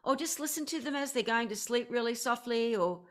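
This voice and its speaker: A woman's voice: on the high side, a little fast, fairly bright tone. A woman with an Australian accent, a guest in a casual interview, talking in an effusive, enthusiastic way.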